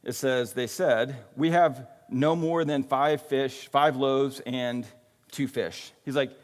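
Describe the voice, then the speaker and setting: A man's voice: medium pitch, steady tone, slow. A man preaching a sermon in a casual, conversational way, often checking in with "right?" and "like". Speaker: pastor. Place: church sanctuary. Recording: long reverb of a church hall.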